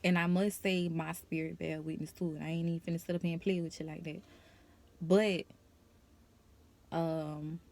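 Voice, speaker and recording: A woman's voice: on the low side, little pitch movement, normal speed, vocal fry, pauses often, a little mellow. Nervous, emotional woman telling her story. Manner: casual, conversational. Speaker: vlogger. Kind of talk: personal testimony to camera.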